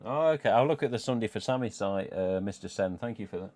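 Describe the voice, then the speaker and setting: A middle-aged man with a Midlands accent hosts a relaxed live stream, rambling from one thought to the next. His voice sits a little low, and he swears casually and chuckles to himself as he talks. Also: fast. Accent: English Midlands. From England. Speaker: livestream host.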